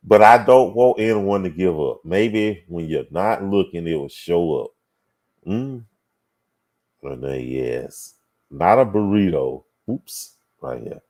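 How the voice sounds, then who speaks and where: Reading viewers' comments aloud on his casual livestream talk show, a man muses on each with hums and sighs. He speaks slowly and expressively in a low, slightly mellow voice, leaving long pauses.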